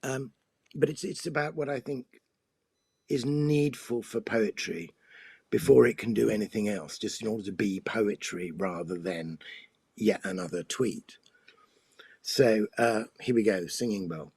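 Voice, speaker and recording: A man, a poet and priest, explaining poetry in thoughtful conversation and reading a poem slowly. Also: fairly low pitch, creaky, a little mellow, husky, no room sound.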